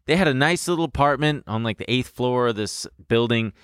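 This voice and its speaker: A man's voice: mid-range voice, a little fast, a bit bright, clear, resonant tone, no room sound, clean studio sound. A young adult man on a podcast, telling a personal story in a rambling way, swearing and laughing as he goes. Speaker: podcast co-host. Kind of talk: casual storytelling chat.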